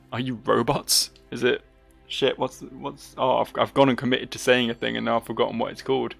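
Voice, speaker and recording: A man hosting a let's play, musing aloud and poking fun at himself between game dialogue. His voice is strongly gravelly and mid-pitched, with faint game music beneath. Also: level tone, brisk, a bit bright. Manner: rambling, self-mocking asides. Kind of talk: casual gameplay commentary.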